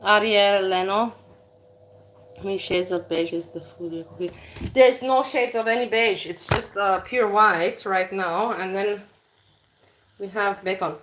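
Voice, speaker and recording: Woman vlogger, cooking at home, blunt and foul-mouthed, rambling, mid pitch. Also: steady tone, measured pace, a bit bright, a little hiss or hum. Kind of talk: casual rambling chat. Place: home kitchen while cooking.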